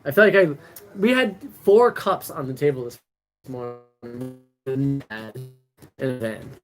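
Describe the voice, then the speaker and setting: A man co-hosts a relaxed van-life livestream. He talks in an easygoing way, pausing and restarting as he searches for words. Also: fairly high pitch, faint music behind. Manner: easygoing, hesitant, many fillers and restarts. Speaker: van life channel co-host. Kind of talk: casual livestream chat.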